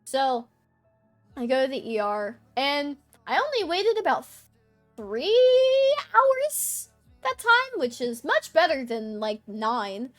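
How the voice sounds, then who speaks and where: A young woman streamer with a high voice tells a story in a loose, rambling way. She stays animated and swears freely as she chats. Faint music plays behind her. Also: a little slow. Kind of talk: casual storytelling chat.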